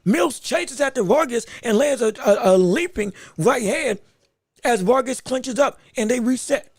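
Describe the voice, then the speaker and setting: A man hosting a live podcast, giving rapid round-by-round boxing commentary with excited outbursts. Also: very high-pitched, slightly rough, no room sound, clean studio sound. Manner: rapid play-by-play, excited outbursts, talks to the chat. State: hiccups.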